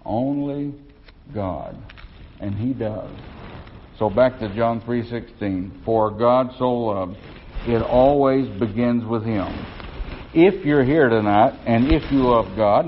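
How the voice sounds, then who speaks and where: A man's voice: mid-range voice, lo-fi sound, slight background noise. A male pastor preaching a sermon to his congregation in a church, asking rhetorical questions as he goes.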